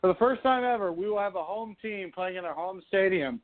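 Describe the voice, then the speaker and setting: A man's voice: high-pitched, brisk. A man co-hosting a radio talk show, giving confident, opinionated takes on sports and politics. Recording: phone-line quality audio.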